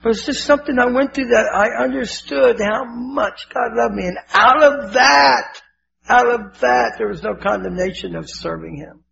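Fervent older male preacher, gravelly. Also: very high voice, moderate pace, a bit bright. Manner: fervent, emotional preaching with repetitions. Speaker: pastor. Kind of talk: sermon. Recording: dull lo-fi with faint hiss.

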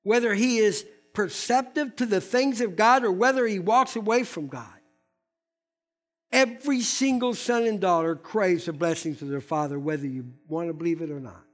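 An older man preaching a sermon, emphatic and repeating key words, swinging between loud stresses and hushed asides. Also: sits high, normal speed, soft background music. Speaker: pastor.

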